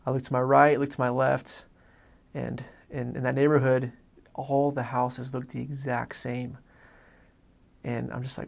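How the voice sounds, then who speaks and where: A man, a former missionary, telling an earnest faith story in a halting way with many restarts. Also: mid-range voice, level tone, gravelly. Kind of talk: personal faith testimony story.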